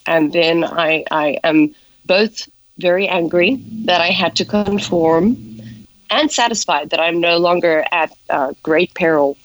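A woman's voice: on the low side, unhurried, rough recording. A South African woman with an accent mixed with American, chatting as an interview guest and telling stories with self-mocking humor. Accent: South African with some American. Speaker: guest actress. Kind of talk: casual interview chat.

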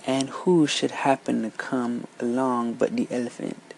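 A storyteller reading a folk tale aloud, unhurried and lilting, switching voices for each character. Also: medium pitch, little pitch movement, creaky, a little mellow, slight background noise, low-quality recording.

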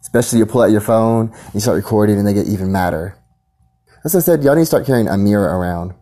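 Low-voiced man on an angry rant. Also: quick pace, warm tone. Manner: crude, combative, repetitive insults.

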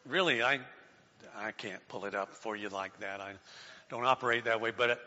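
A man preaching a sermon, calling on the congregation to respond, rising to shouts and dropping to quiet pleading. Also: fairly low pitch, moderate pace, a little hiss or hum. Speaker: pastor. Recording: dull sound in a large reverberant hall.

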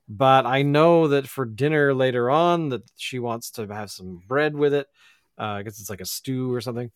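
A man's voice: medium pitch, lively intonation, normal speed, no echo, clean studio sound. A man hosting a podcast, talking in a rambling, reflective way full of fillers. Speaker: podcast host. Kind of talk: casual chat.

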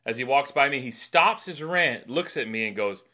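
A man, a comedian and podcast co-host, telling animated stories in casual chat and acting out voices. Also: medium pitch, normal speed. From New York City. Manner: animated, acts out voices with laughs.

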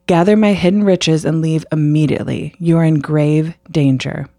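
A man's voice: a little high, steady tone, normal speed, creaky, dark tone, dry recording, studio quality. A woman voicing the ghost of a murdered husband who gives a grave warning in a storybook retelling. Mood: urgent. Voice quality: muffled.

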